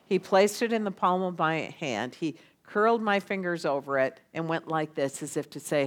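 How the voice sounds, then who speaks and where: A middle-aged woman preaching a sermon, swinging from loud pleading to hushed tones and leading her listeners in repeated phrases. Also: low-pitched, animated, moderate pace, hardly any pauses. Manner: leads the audience in call-and-response. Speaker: speaker at a church gathering.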